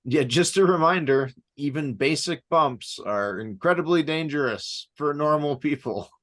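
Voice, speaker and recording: A young man from the Chicago area co-hosting a wrestling podcast, chatting casually with deadpan, rambling jokes. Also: on the high side, measured pace. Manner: joking, rambling, deadpan irony. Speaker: podcast co-host. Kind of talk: casual chat.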